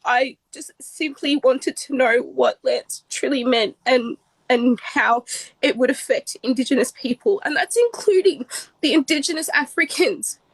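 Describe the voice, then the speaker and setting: A woman speaking in an earnest, heartfelt, halting way on a phone livestream. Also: high voice, breathy edge, no echo, low-quality recording. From Australia. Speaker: livestream guest. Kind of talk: emotional livestream talk.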